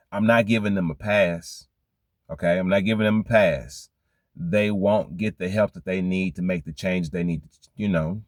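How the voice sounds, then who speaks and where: A man's voice: low-pitched, no echo. Man preaching life lessons to camera. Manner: repetitive, preachy, rhetorical questions to the viewer. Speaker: vlogger giving life advice. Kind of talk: reflective motivational monologue.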